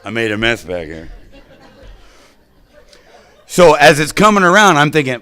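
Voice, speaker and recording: A middle-aged man telling his life story to a recovery meeting, animated and drawing the listeners in with quick "right?" asides. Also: on the high side, dry recording. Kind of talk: personal recovery story to an audience.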